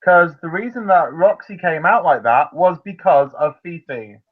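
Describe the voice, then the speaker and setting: A man co-hosting a loose roundtable chat, with a slightly high voice that swings widely in pitch. He jokes and swears freely, and the sound is lo-fi and a little muffled. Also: moderate pace. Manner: swears often, animated and joking. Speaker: podcast co-host.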